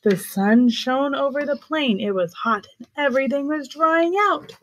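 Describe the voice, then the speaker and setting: A woman teacher reading a picture book aloud to preschoolers in a warm, expressive sing-song voice. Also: high-pitched, normal speed, hardly any pauses, slight background noise, rough recording. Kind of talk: children's read-aloud.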